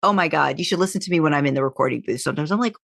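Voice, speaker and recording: A woman co-hosting a podcast in a casual chat, playful and quick to laugh, who likes to play with words. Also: low-pitched, creaky, fairly bright tone, no echo, clean studio sound. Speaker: podcast co-host.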